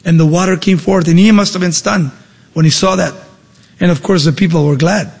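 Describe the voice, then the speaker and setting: A man's voice: sits high, brisk, gravelly, breathy edge, long reverb tail. A man preaching a sermon, emphatic, with rhetorical questions and shifting pace. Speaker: pastor.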